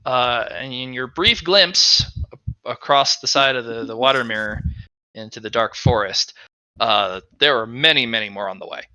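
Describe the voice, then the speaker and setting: A man's voice: medium pitch, moderate pace, pushed and bright, dry recording. A man running a tabletop game as game master, explaining rules and dice rolls and adding little sound effects.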